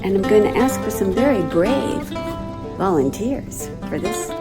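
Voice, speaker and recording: A woman telling a folk tale to third graders in a school classroom, in an expressive, deliberate way. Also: medium pitch, music in the background. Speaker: visiting storyteller and art teacher. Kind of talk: storytelling to children.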